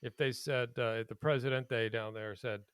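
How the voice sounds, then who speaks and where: A man co-hosting a casual podcast, talking in an animated, indignant way and laughing often. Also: mid-range voice, moderate pace, smooth, dry recording. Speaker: podcast co-host. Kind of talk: casual political chat.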